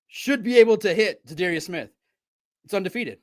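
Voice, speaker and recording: A man with a somewhat high voice hosts a live sports talk stream. He speaks in an animated, playful way, addressing his viewers directly as he goes. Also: normal speed.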